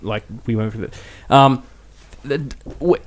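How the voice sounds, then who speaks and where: Man, 30s, podcast host, rambling casual storyteller, mid-pitched. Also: a little slow. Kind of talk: casual chat.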